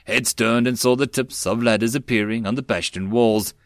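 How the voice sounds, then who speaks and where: A man narrating a web novel audiobook in a steady storytelling manner. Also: medium pitch, normal speed, dry recording, clean studio sound.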